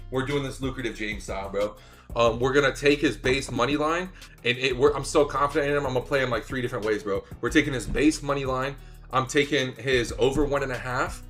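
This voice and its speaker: A man talks fight bets with loud, swearing excitement, often rising into shouts. His voice is bright and forceful, with faint music playing underneath. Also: medium pitch. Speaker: podcast co-host, betting analyst. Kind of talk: hyped casual sports betting talk.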